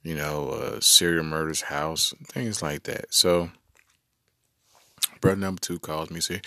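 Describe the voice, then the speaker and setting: A man's voice: sits low, very animated, unhurried, vocal fry, pauses often, pushed and bright, dry recording, clean studio sound. A man hosting a solo comedy podcast, riffing playfully and talking straight to his listeners. He is a parent with a daughter. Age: adult parent. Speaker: podcast host.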